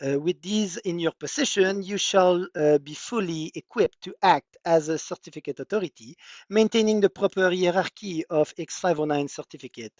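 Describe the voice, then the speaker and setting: A man's voice: high voice, normal speed, dry recording, muffled recording, voice pushed up, natural voice. A man voicing a pompous French bourgeois writing a flowery formal letter, with a pushed French accent and hesitant fillers.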